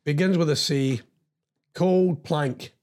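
A man's voice: on the high side, takes it slowly, a little mellow. A Scottish man hosting a casual live-stream quiz as a radio DJ, teasing his listeners as he reads out their comments. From Scotland.

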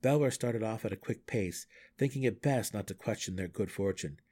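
A man reading a fantasy novel aloud in steady, measured storytelling. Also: on the low side. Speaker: audiobook reader. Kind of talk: fan audiobook narration.

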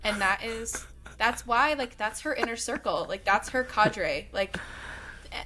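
A woman co-hosting a book podcast, talking casually with many fillers and quick asides. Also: fairly high pitch, bright, forceful tone, slight background noise. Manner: fast, filler-heavy chatter with lots of "like". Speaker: podcast co-host.

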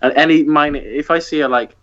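A man's voice: fairly high pitch, a little fast, muffled recording. A man co-hosting a casual podcast chat, telling stories by acting out back-and-forth exchanges. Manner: animated storytelling with quoted exchanges. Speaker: podcast co-host.

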